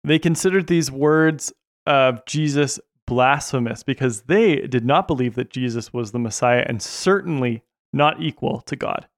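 A man co-presenting a Bible story, narrating events in a steady, plain manner. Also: mid-range voice, measured pace, no room sound, studio quality. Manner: steady, narrating, brief affirmations.

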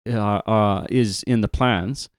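A man's voice: fairly low pitch, steady tone, slow, no room sound, studio quality. A man co-presenting a retelling of a Bible story, talking casually with emphatic asides and restarts.

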